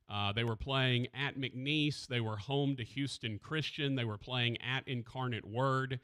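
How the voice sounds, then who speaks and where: A man hosting a sports radio show, talking haltingly and with grief, searching for his words, close to a studio mic. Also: medium pitch, fairly bright tone. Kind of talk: emotional radio talk. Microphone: studio microphone.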